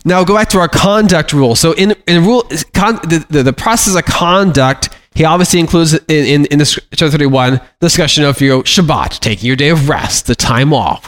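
A middle-aged man giving informal Bible teaching to a congregation, talking conversationally with frequent restarts and acting out plaintive prayers. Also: mid-range voice.

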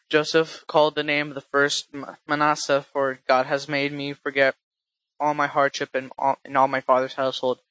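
A man reading scripture aloud in a halting way, often restarting and correcting himself. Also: a little high, pushed and bright, clear, resonant tone, no echo, rough recording. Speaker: scripture reader.

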